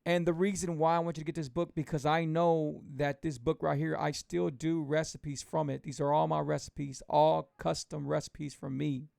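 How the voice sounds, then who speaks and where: This is a man with a gravelly, slightly high voice, hosting a live stream as a keto coach. He talks loosely with many restarts and repeats each point. The sound is close and dry, with no room around it. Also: flat delivery, moderate pace, hardly any pauses, darkish tone, dry recording. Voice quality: fervent, pitching and repeating himself. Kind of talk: live-stream talk to viewers.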